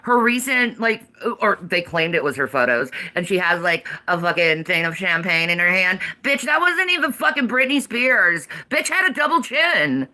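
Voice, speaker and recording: A woman's voice: fairly low pitch, big pitch swings, normal speed, hardly any pauses, pushed and bright. A woman in her forties, ranting on a livestream, swearing heavily in a defiant, emphatic way. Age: 40s. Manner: heavy profanity, defiant and emphatic.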